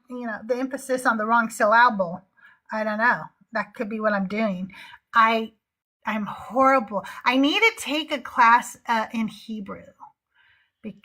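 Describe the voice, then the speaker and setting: A woman's voice: fairly high pitch, bright, forceful tone. A middle-aged woman hosting a live call-in stream, chatting casually and often laughing at herself. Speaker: host of a live call-in show. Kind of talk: casual livestream chat.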